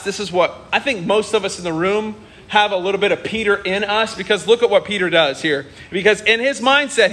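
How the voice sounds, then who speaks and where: A man's voice: sits high, sharp tone. A male pastor preaching a sermon on a church stage, earnest and emphatic, often repeating himself. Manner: earnest, emphatic, with many repetitions.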